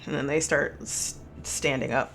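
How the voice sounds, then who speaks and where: Game master, male, gravelly, meandering narration for a tabletop game. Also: fairly high pitch, fairly even intonation, moderate pace, a bit bright, a little hiss or hum. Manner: rambling, many fillers and restarts.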